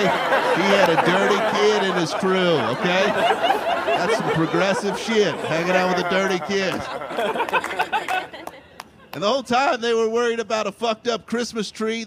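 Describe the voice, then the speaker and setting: Stand-up comic, a high-pitched man from Kentucky, wry self-mocking delivery over a loud laughing crowd. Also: very noisy. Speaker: stand-up comedian. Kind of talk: stand-up comedy set. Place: comedy club stage. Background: laughing and clapping audience.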